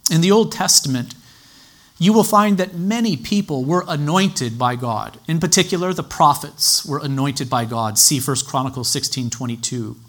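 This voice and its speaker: Measured male Bible teacher. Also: on the high side, fairly bright tone. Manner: measured and explanatory, citing scripture references. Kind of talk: teaching sermon.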